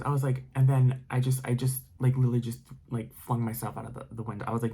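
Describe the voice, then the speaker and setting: A man's voice: medium pitch, level tone, fast, mellow, husky. A man telling a spooky story casually, rambling with many fillers and dropping into whispers. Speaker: storytime narrator.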